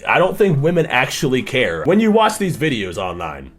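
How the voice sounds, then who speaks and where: Animated, swearing young man reacting. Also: mid-range voice, normal speed. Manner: incredulous, profane, exclaiming. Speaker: streamer reacting to a video. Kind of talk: casual reaction commentary.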